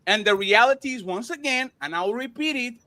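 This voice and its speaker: A man's voice: very high-pitched, expressive, brisk, sharp tone. A man hosting a podcast, arguing emphatically in a heated debate, interrupting and repeating himself.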